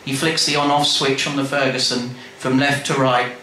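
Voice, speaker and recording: A man reading his memoir aloud to a live audience in a bar, wry and animated, with quick asides. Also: mid-range voice. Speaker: storyteller. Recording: echoey live room, faint background noise.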